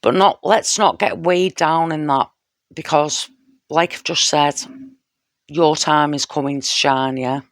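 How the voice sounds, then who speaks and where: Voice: mid-range voice, unhurried, a bit bright, dry recording, clean studio sound. A tarot reader giving a casual spoken reading straight to the viewer, heartfelt and intimate, often checking in with "you know" and "yeah?".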